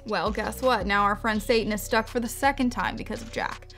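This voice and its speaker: A woman's voice: mid-range voice, steady tone, a little fast, a bit bright, faint music behind. A woman vlogger casually telling a story while doing her makeup, rambling into tangents, cutting herself off and swearing freely. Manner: rambling, chatty, self-interrupting, swears freely. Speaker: beauty vlogger.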